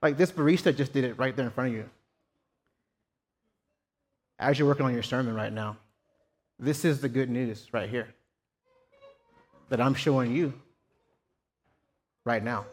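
Male pastor, mid-pitched, self-deprecating storyteller, reverberant hall. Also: a bit bright. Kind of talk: sermon.

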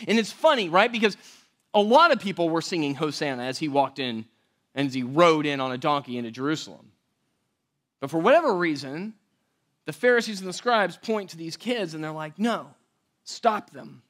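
Guy preaching, lively sing-song voice, pretty high, chatty sermon. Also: a little fast. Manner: animated, conversational preaching with frequent "right?". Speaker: pastor.

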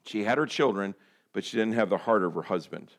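A man preaching a sermon who swings between loud and hushed delivery and acts out prayers and quoted lines. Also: fairly low pitch, brisk. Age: adult parent. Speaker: pastor.

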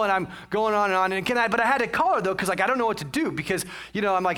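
Bright, high-voiced chatty preacher man. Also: racing, few pauses. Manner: chatty and self-mocking, many asides. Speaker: pastor. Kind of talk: casual storytelling sermon.

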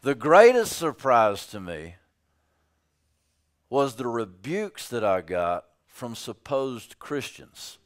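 A man's voice: medium pitch, sing-song, takes it slowly. A man preaching a sermon as pastor, emphatic, often repeating his phrases for weight.

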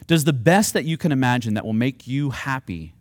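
A man's voice: mid-range voice, lively intonation, brisk. A man preaching a sermon, earnest and at times rising to fervent, pleading appeals. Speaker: pastor.

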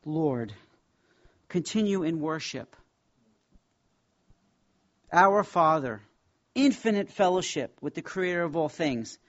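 A man teaching a Bible class, speaking in an emphatic, reverent way and slowing down to stress key words. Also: a little high, animated, dull audio.

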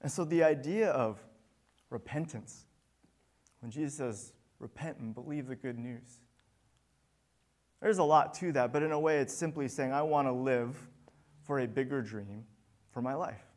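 A man's voice: mid-range voice, unhurried, pauses often. A man preaching a sermon as pastor, earnest and building to emphatic peaks.

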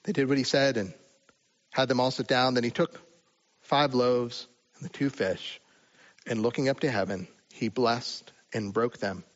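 A man's voice: medium pitch, fairly even intonation, measured pace. Conversational male preacher, lo-fi sound. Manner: conversational, rhetorical asides. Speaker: pastor. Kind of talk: sermon.

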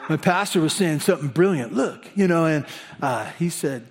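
A man preaching a sermon as pastor, animated and conversational, with humorous asides. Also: on the high side, moderate pace.

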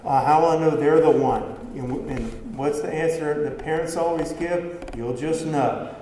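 A man's voice: on the high side, fairly even intonation, normal speed, warm tone, slight background noise. A man preaching a sermon in a conversational way, asking his congregation rhetorical questions. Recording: echoey hall with long reverb, faint ambience.

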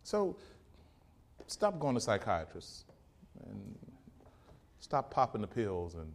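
A man preaching a rousing sermon, swinging from loud peaks to hushed passages and quoting scripture in old King James wording. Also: lowish voice, big pitch swings, slow, creaky, slight background noise.

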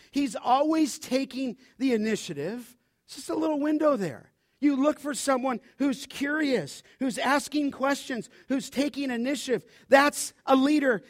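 A man preaching a sermon as pastor, animated, often asking his listeners to finish his sentences. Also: very high-pitched, no echo, studio quality. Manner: animated preaching, asks the congregation to fill in words.

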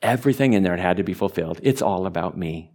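A man preaching a sermon, animated, stumbling over repeated words and rising to emphatic peaks. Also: deep voice, fast. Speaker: pastor.

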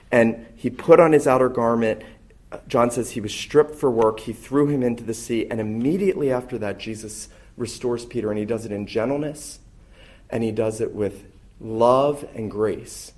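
A male pastor delivering a sermon in an earnest, emphatic way, pressing hard on the words he wants to land. His voice sits at an ordinary middle pitch for a man, neither deep nor high. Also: moderate pace, darkish tone. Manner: earnest, emphatic preaching with rising intensity.

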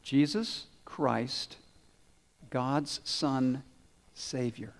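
A man preaching a lively children's sermon who asks the kids questions and answers them himself. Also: mid-range voice, drawn-out words, creaky. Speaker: pastor. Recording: long reverb in a large hall.

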